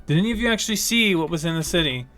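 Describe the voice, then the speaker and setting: A firm young woman, voiced by a man running the game, calls for calm and order. She speaks a little higher than his own voice, weary but commanding, over faint music. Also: very fast. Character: calm young woman with platinum hair taking charge.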